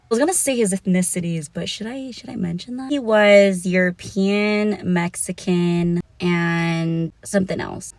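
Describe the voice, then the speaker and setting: A woman's voice: on the low side, measured pace, few pauses, darkish tone, dry recording. A young woman vlogging a frank, casual monologue, giggling and swearing with self-conscious asides.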